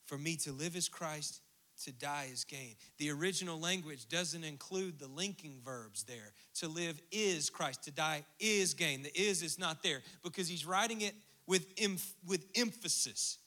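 A man preaching a sermon, swinging from hushed asides to emphatic, rhythmic declarations. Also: on the high side, moderate pace. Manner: animated preaching, dropping to near-whispers and rising to emphatic bursts. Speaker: pastor.

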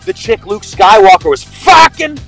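A man doing the Pot Dog, a shouty crude braggart. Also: very high-pitched, very animated, normal speed, gravelly, faint music behind, heavily acted. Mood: excited. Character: hyper toy-collector man who brags in third person. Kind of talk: comedy call-in bit.

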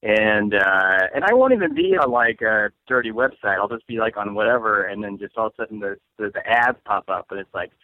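A man's voice: fairly low pitch, animated, fairly quick, few pauses, no room sound. A man from St. Louis, a comedian guest, chatting casually in a rambling, self-mocking way and laughing often. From St. Louis, USA. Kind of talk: casual chat. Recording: dry, phone-like line.

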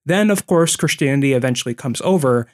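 Male podcast co-host, mid-range voice, relaxed storyteller walking through folk tales. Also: medium pitch, brisk. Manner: storytelling, explaining folklore from notes. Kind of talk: casual podcast chat.

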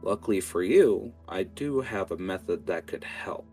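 A man's voice: deep voice, expressive, moderate pace, a little mellow, soft background music. A man doing a grave, solemn cleric. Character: calm, mysterious male healer cleric.

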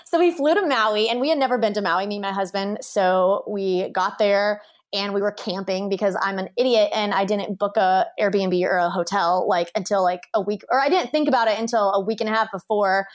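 A woman's voice: medium pitch, fairly even intonation, brisk. A young woman, a wedding photographer guest on a podcast, telling a story in a bubbly casual way, laughing often and saying "like" a lot.

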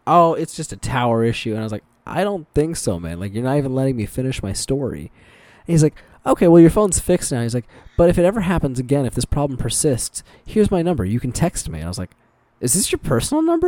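In a dry recording, a man with a mid-range voice co-hosts a podcast and tells work stories casually. His storytelling is animated and profane, with him quoting and acting out what people said.

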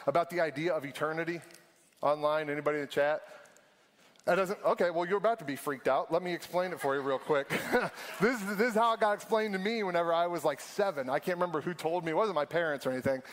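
A young adult man preaching a sermon as a pastor, animated and conversational, laughing often. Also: a little high. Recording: long hall reverb.

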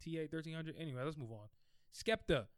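A man co-hosting a casual music podcast, talking in a slightly high voice. He jokes, laughs and ribs his partner. The sound is dry and close to the mic. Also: fast talker, clear, resonant tone, dry recording. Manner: animated, laughing, playful ribbing. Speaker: podcast co-host. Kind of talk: casual music review chat.

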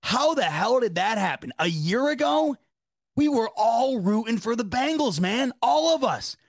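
A man's voice: very high-pitched, big pitch swings, unhurried, vocal fry, no room sound. Rambling young man in a dry room. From Rochester, New York area. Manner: rambling, self-correcting, swears casually. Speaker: sports podcast host. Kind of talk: casual chat with live chat readers.

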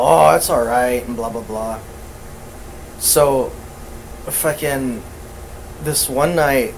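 Laid-back man telling stories, slow talker. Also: medium pitch, slight background noise, rough recording. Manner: laid-back, swears a lot, laughs through his stories. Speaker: podcast co-host. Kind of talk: casual chat.

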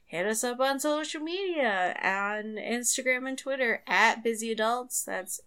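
A woman's voice: on the high side, animated, bright, forceful tone, clear, resonant tone. A woman co-hosting a podcast in casual chat, laughing often as she talks. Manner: laughs often, slow and chatty. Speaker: podcast co-host.

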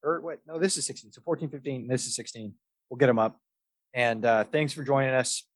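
A man's voice: mid-range voice, a little fast, no echo. A man hosting a podcast in casual chat, telling stories in a rambling way with lots of fillers and restarts. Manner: rambling storyteller, many fillers and restarts, laughs often. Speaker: podcast host.

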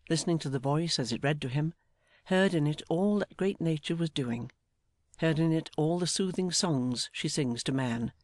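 A man narrating a classic novel as an audiobook, in a measured, earnest storytelling manner. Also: on the high side, dry recording, clean studio sound.

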